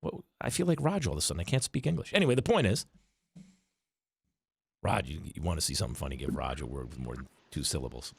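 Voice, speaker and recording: Lively, argumentative sports talk man. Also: very deep voice, fast talker, gravelly, husky, dry recording. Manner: argumentative, rhetorical questions, animated delivery. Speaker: sports talk radio host.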